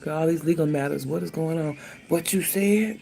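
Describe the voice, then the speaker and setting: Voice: mid-range voice, normal speed, creaky, dark tone, faint music behind. A tarot reader giving a casual reading, thinking aloud, speaking straight to the viewer and swearing freely.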